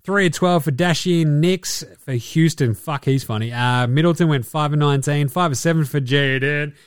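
A man's voice: a little high, normal speed, clear, resonant tone, dry recording, clean studio sound. An Australian man hosting a podcast, giving a sarcastic, profane basketball recap. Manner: sarcastic, swears freely. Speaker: podcast host.

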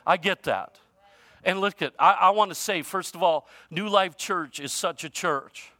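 A male pastor preaching a sermon in a conversational way, using informal grammar, his voice shifting from loud emphasis to quiet. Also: high voice, unhurried, dry recording.

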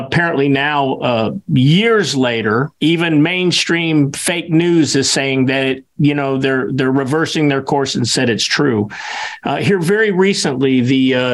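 A man co-hosting a political talk show, speaking in a measured, hesitant way with frequent fillers. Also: mid-range voice. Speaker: co-host.

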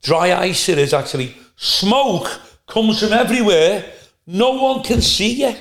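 A male stand-up comedian telling profane, animated anecdotes in a casual podcast chat. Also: high-pitched, a little slow, gravelly. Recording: roomy echo.

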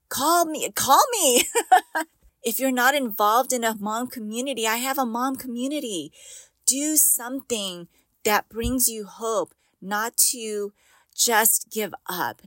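A chatty middle-aged woman hosts a podcast for mothers, talking to them warmly and laughing often. Her voice sits at an ordinary pitch for a woman. She is recorded close and dry, with no room sound around her. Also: no room sound. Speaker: podcast host and mom coach. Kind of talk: casual podcast monologue.

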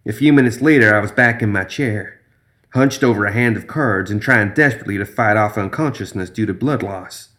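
A man's voice: fairly low pitch, brisk, a bit bright. A man narrating a first-person horror story in a tense, dramatic way.

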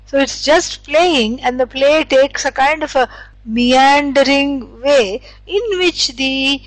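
A woman's voice: high-pitched, takes it slowly, dry recording, rough recording. A woman giving a conversational spiritual lecture, meandering through her points with many fillers and restarts. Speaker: Vedanta teacher.

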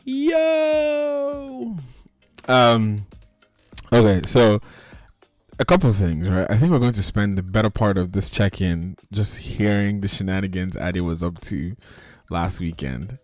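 A man with a very low voice hosts a loose online chat show, joking with friends over a video call. He laughs easily and drifts into fillers as he talks. The sound is dry and close to the mic. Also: slow pace, no room sound. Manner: lively, joking, laughs often, trails off with fillers. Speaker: podcast host.

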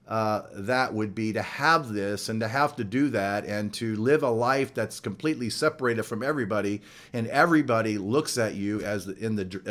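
Guy preaching a sermon, earnest, stretches words out slow for emphasis, mid-pitched voice. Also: a bit bright. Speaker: pastor.

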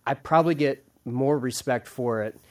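A man's voice: mid-range voice, moderate pace. A man who is a pastor, hosting an interview and asking teasing, joking questions in a casual way. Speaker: podcast host and pastor.

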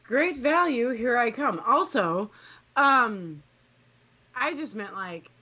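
A woman co-hosting a casual chat, loud, excitable and quick to swear and laugh. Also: a little high, highs cut off. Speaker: podcast co-host.

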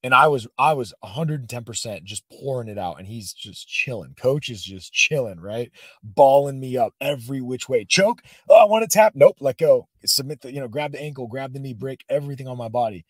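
A man's voice: medium pitch, fairly quick, a bit bright, dry recording. A man, a podcast guest and former soldier, telling stories in a casual, emotional way, full of "bro" and "man". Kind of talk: casual storytelling.

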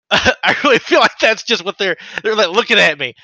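Bright-voiced Southern man, joking. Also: high-pitched, lively intonation, normal speed, dry recording, poor audio. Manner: joking, swearing, self-deprecating. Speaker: podcast co-host. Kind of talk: casual chat.

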